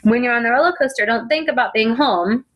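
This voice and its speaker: Lady telling a story about herself, kinda high voice, lots of laughing, does both voices in the convo. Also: fairly quick. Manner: animated, laughs often, acts out dialogue. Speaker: self-help speaker. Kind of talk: personal storytelling monologue.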